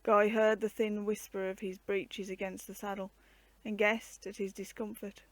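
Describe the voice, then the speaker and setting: A woman's voice: medium pitch, level tone, normal speed, no echo. Woman reading a storybook aloud.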